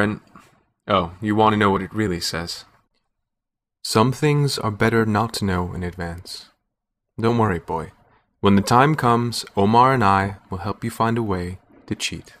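A man narrates a story in the first person with a measured, unhurried delivery. His voice sits on the low side, and his reading stays steady and controlled. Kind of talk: scripted narration.

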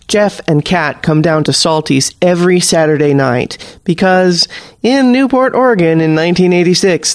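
A male narrator reads a story in a slow, deliberate way, taking his time over each phrase. His voice is fairly high for a man. The recording is close and dry, with no room sound. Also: dry recording. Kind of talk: scripted narration.

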